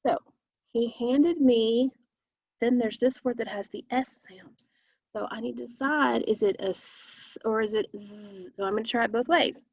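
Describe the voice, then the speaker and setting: A woman teaching phonics to young kids, sounding out each word slowly and with care. Her voice has a gravelly, fry-laden edge, and the dry, dull recording sounds like a lo-fi home setup with no room echo. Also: a little high, darkish tone. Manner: slow, deliberate word-by-word modeling. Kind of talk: phonics lesson for young children.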